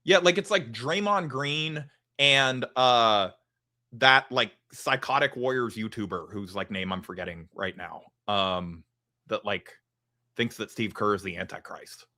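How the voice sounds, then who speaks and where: A man's voice: lowish voice, unhurried, bright, forceful tone. A man co-hosting a casual sports podcast, rambling and teasing, with lots of "like" and restarts. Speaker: podcast co-host.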